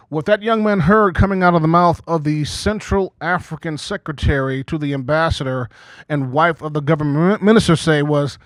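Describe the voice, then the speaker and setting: Male stand-up emcee over forty, slightly high voice, chatty crowd-work delivery with "okay?" tags, dry close sound. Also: fairly quick, no echo. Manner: conversational, frequent "okay?" asides, acts out quoted voices. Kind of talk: stand-up comedy set. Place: small community TV studio stage before a live audience.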